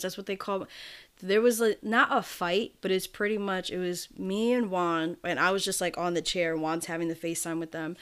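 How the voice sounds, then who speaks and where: A woman co-hosting a podcast over a video call, chatting casually in a rambling, profane way and laughing often. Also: lowish voice. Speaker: podcast co-host. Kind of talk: casual chat. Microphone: remote video call mic.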